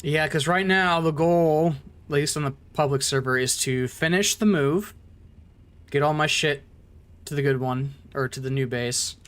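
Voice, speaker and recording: A man's voice: fairly high pitch, normal speed, fairly bright tone, clear, resonant tone. A man streaming a game, chatting casually with another player and talking through his plans in a laid-back, joking way. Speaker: gaming streamer. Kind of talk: casual gameplay commentary.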